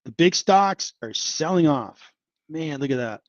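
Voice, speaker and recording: A man's voice: on the high side, expressive, a little slow, dry recording, dull audio. A man hosting a casual investing livestream, chatting about stocks and sighing and exclaiming over a falling market. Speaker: investing channel host.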